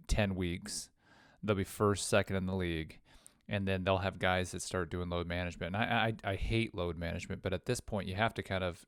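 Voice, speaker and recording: A man's voice: low voice, clear, resonant tone, dry recording, clean studio sound. A man co-hosting a podcast, talking emphatically and telling stories from his own leagues. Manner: animated, anecdotal, emphatic. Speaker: podcast co-host. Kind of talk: casual podcast analysis.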